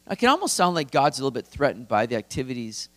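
A man's voice: mid-range voice, very animated, very fast. A male pastor giving an expository sermon in a conversational, earnest, emphatic way.

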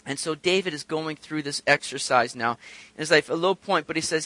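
A man's voice: a little high, fairly quick, bright, forceful tone, no echo. A male pastor preaching a sermon in a conversational way, telling a personal story and asking rhetorical questions.

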